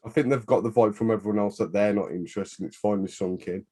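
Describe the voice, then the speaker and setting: A man's voice: on the low side, quick pace, dark tone, breathy edge. A man bantering casually as podcast co-host, with dry wisecracks.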